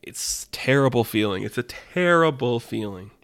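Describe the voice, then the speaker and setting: A man's voice: mid-range voice, lively intonation, moderate pace, a bit bright, smooth. A man hosting a podcast, telling an improvised story casually, rambling and restarting as he goes. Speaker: podcast host.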